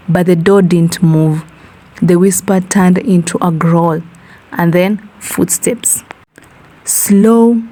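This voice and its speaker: Woman, comic horror story narration, warm dark tone, slang asides. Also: fairly low pitch, poor audio. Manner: unhurried, mixing in slang asides.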